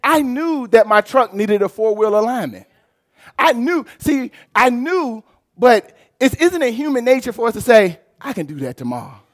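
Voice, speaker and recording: A male pastor preaching a sermon in a church, telling a personal story with lively, rising delivery and shouts. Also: very high-pitched, a little slow. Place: church sanctuary.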